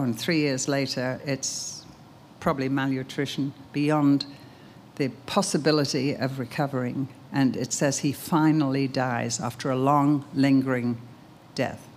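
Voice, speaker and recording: Older lady preaching real slow and earnest, leans on words, faint hiss behind. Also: rumbling low, a little mellow. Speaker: speaker, teacher. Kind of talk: sermon with storytelling and recited poem.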